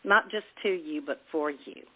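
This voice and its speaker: A woman's voice: sits low, normal speed, slightly rough. A woman author chatting as a podcast guest, motherly and stumbling over repeated words as she talks. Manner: stammering restarts, motherly. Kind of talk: casual chat. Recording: phone-like narrow band.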